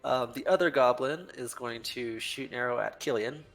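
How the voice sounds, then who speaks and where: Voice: mid-range voice, moderate pace, vocal fry, fairly bright tone, soft background music, low-quality recording. A game master narrating a tabletop game in a laid-back way, laughing often.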